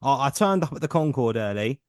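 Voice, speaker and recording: A man's voice: mid-range voice, expressive, a little fast, dry recording, clean studio sound. A man from hosting a casual podcast chat, enthusiastic as he reacts and shares his own fan story. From England. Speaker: podcast host.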